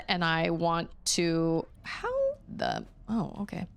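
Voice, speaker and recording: A woman's voice: fairly low pitch, takes it slowly, vocal fry, slight background noise. A woman in her thirties, a streamer and mother, chatting candidly and at length while she plays, acting out the voices she quotes. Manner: candid, rambling, acts out quotes. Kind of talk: casual chat while gaming.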